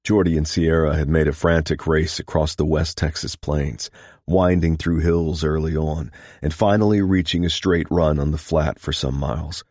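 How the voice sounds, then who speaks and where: Deep, husky male audiobook narrator. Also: fairly even intonation, normal speed, darkish tone, dry recording, clean studio sound.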